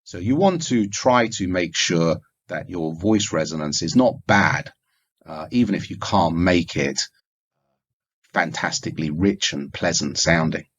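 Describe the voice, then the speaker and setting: A man giving a recorded lecture, explaining points in a measured way with occasional fillers. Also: sits low, fairly bright tone. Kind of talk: recorded lecture on communication skills. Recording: dull lo-fi recording.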